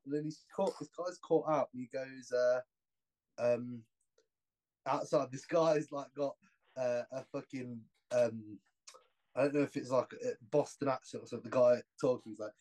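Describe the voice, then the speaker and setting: A man's voice: mid-range voice, steady tone, normal speed, darkish tone, low-quality recording. A man in a casual podcast chat, telling a story in a rambling way and swearing often.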